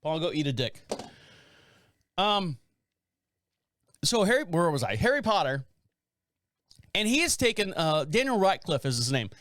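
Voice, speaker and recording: A man's voice: fairly high pitch, big pitch swings, unhurried, long pauses, a bit bright, dry recording, clean studio sound. A man hosting a podcast, reading news stories aloud and riffing on them in a rambling, joking way. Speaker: podcast host. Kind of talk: casual podcast monologue.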